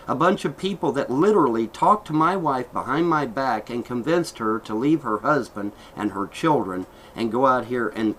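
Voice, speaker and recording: A man's voice: medium pitch, a bit bright, slight background noise, poor audio. Agitated man ranting into camera. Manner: aggrieved, heated ranting with swearing and repetition. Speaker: vlogger. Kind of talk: angry vlog rant.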